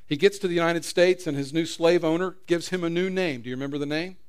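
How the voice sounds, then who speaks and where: A middle-aged man preaching a sermon as pastor, an earnest storyteller who swings from loud emphasis to quiet prayer. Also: fairly high pitch, fast talker, clean tone.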